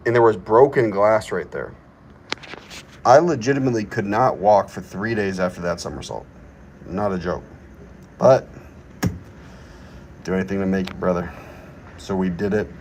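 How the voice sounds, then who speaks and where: A man's voice: on the low side, slight background noise, poor audio. Playful man hosting a livestream. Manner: playful, reads chat aloud, hypes himself up. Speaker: livestream host. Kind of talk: casual livestream chat. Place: current location he names while streaming.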